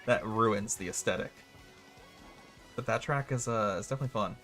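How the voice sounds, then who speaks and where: Chatty male gamer with a gravelly voice. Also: fairly low pitch, normal speed, a bit bright, faint music behind. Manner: chatty, enthusiastic, self-mocking. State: hiccups with wheezing. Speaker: streamer. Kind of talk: casual gameplay commentary.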